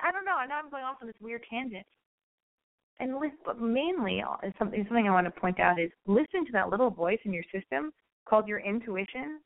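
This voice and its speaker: Frank, rambling woman radio host. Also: medium pitch. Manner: candid, rambling, frank and profane. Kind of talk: call-in advice show chat. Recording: phone-like narrow band.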